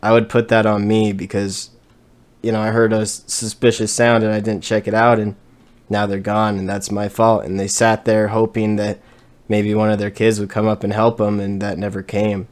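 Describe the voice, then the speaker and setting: A young man talking casually about his fears, anxious yet measured in how he speaks. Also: lowish voice, level tone. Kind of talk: casual conversation.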